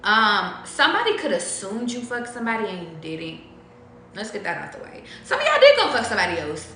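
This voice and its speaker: A woman's voice: mid-range voice, huge pitch swings, brisk, sharp tone, roomy sound, slight background noise. A young woman doing a casual live tarot reading, rambling and profane, thinking aloud with lots of ums. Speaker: tarot reader.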